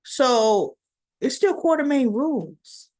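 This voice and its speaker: A woman's voice: sits high, very animated, takes it slowly, a little mellow. Chatty woman recapping a soap episode. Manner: chatty, rambling storytelling with asides. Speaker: soap opera reviewer.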